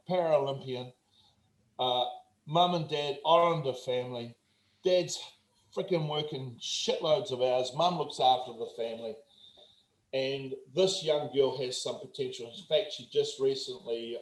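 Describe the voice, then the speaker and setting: A New Zealand man in his forties, a performance coach telling stories bluntly and with plenty of swearing in a casual interview. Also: mid-range voice. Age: 40s. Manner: blunt, profane, animated storyteller. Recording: roomy echo.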